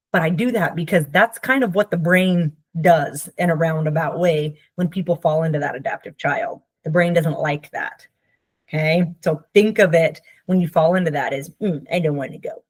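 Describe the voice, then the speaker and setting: Speaking in a deep voice with no room sound, a woman therapist walks through ideas like an informal lesson. She keeps checking in with "Okay?" and gives playful performances of the people she's quoting.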